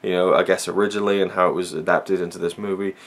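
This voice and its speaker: Low, gravelly man reviewing films. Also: fairly even intonation, quick pace. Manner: rambling, with many fillers and restarts. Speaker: film reviewer. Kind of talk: casual spoken film review.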